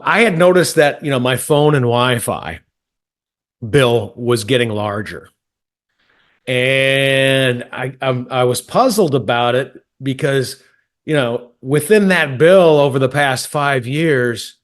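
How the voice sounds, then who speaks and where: A man from Texas co-hosting a podcast, telling a profane, rambling story with stammering restarts. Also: mid-range voice. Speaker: podcast co-host. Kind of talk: casual storytelling chat.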